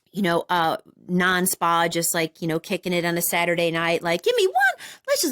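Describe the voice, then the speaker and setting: A woman in her forties hosting a casual chat, telling a funny story and jumping up high when she acts out what people said. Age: 40s. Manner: animated, acts out quoted voices in high bursts. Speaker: podcast host.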